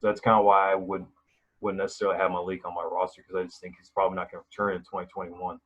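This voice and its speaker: A man's voice: deep voice, level tone, very fast, dull audio. A man hosting a sports podcast, talking casually and rambling with many fillers and restarts. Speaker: podcast host.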